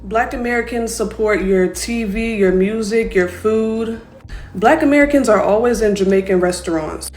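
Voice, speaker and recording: A woman's voice: medium pitch, darkish tone, roomy sound. A woman speaking earnestly and disapprovingly as a social media commenter.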